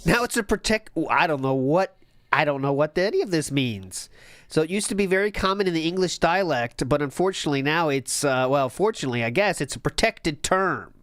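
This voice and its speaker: A man giving sarcastic, deadpan commentary while reacting to a clip on a stream. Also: on the high side, a little fast, no room sound. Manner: sarcastic, deadpan asides, laughs often.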